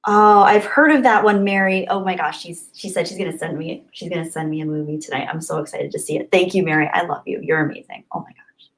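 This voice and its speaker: A woman chatting casually on a live stream from her home webcam setup, reading chat and greeting viewers with bubbly, gushing excitement and little gasps. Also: lowish voice, quick pace, rough recording. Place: home, apartment.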